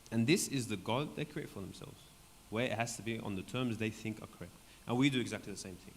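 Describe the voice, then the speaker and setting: A man leading a Bible study for a group in a church hall, talking conversationally and often checking in with "right?", his voice going hoarse. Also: fairly low pitch, fast. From Australia. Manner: conversational, keeps asking "right?". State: voice going hoarse, clearing throat. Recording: long hall reverb, faint background noise.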